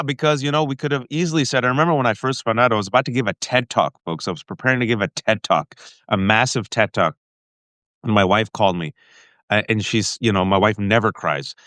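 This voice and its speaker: A man earnestly recounting a family ordeal in an interview, halting often and restarting his sentences. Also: on the low side, fairly bright tone, no echo, clean studio sound. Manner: earnest, halting, with restarts and frequent direct address. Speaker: guest. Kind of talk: emotional personal storytelling in an interview.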